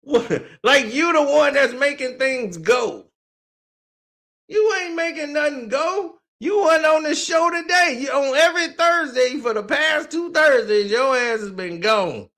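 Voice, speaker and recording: A man's voice: very high voice, animated, unhurried, pushed and bright. A man streaming casual reaction commentary, mocking what he reads, swearing freely and laughing often.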